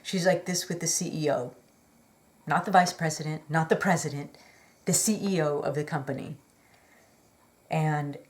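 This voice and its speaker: A low-pitched woman vlogger tells a personal story in a chatty, rambling way. She's earnest, using lots of fillers and apologetic asides.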